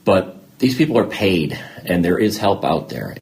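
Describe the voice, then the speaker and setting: A man's voice: deep voice, sing-song, moderate pace, creaky, a little mellow. A man, a podcast guest, telling his own story candidly. He jokes at his own expense and acts out conversations he remembers. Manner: acts out remembered conversations, self-deprecating humor.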